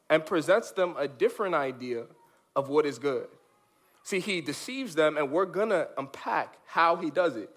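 A man preaching a lively sermon for children, animated and emphatic, with big swings from high to low. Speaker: children's pastor. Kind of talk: sermon for kids.

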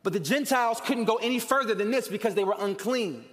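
A pastor preaching a sermon with emphasis, slowing down and dropping to a near-hush for weight, and calling the congregation to repeat words with him. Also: male voice, high voice, expressive. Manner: leads the congregation in call-and-response. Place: church sanctuary. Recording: long reverb of a large church hall.

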